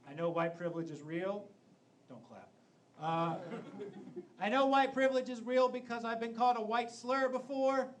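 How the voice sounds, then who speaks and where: A man in his thirties doing a deadpan stand-up comedy set on a club stage. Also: very high-pitched, normal speed. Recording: noisy live club recording.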